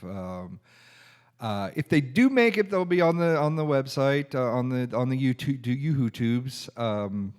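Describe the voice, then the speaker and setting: A man co-hosting a podcast on his own, talking casually and haltingly with many pauses and restarts. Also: medium pitch, clear, resonant tone. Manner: halting, lots of ums and restarts. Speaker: podcast co-host. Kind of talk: casual solo podcast talk.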